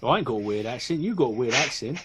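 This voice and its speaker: A man with a British accent playing a brash male city bloke in a tabletop game, bantering loudly and taking offence easily. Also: mid-range voice, expressive, background noise, natural voice. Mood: indignant. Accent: British English. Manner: boisterous, bantering, quick to take offence.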